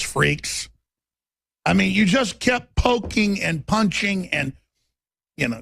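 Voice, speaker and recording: A man's voice: high-pitched, gravelly, fairly bright tone, dry recording, clean studio sound. A man hosting a talk radio show, delivering a combative, emphatic monologue.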